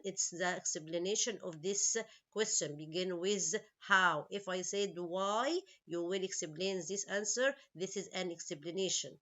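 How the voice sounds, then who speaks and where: A woman English teacher, a non-native speaker whose first language is Arabic, explains vocabulary and grammar slowly, asks her students questions and makes small grammar slips. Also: mid-range voice, fairly bright tone. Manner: slow, explains each word and asks questions. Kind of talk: online English lesson. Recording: slightly dull lo-fi recording.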